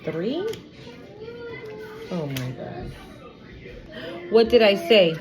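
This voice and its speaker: A woman's voice: mid-range voice, very animated, drawn-out words, music in the background, rough recording. A woman giving a casual tarot reading to her viewers, blunt and profane, repeating her warnings for emphasis. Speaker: tarot reader.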